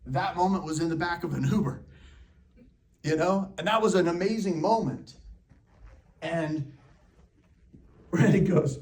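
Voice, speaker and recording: A man with a fairly high voice tells a story to a live audience. He talks in an animated way and laughs often. The room is echoey and the mic sits a little way off. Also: unhurried, long pauses, distant mic. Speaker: real estate coach.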